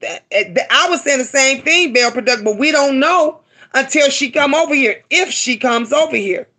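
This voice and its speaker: A woman's voice: high voice, animated, normal speed, bright, forceful tone. A middle-aged woman hosting a live stream, talking to her viewers with emotion and often repeating herself for emphasis. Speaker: livestream host.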